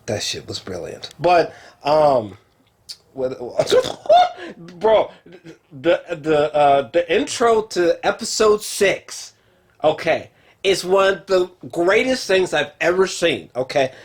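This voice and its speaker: Slow and high-pitched, this man's voice belongs to a film and TV reviewer talking to a camera at home. His take on a TV show is casual and rambling, excitable, peppered with profanity and fillers.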